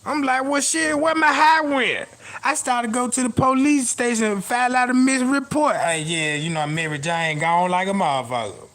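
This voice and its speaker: A man's voice: sits high, brisk, hardly any pauses, a bit bright. A man telling profane comic stories in a stand-up style, constantly asking "you know what I'm talking about". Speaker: comedian. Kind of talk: stand-up storytelling.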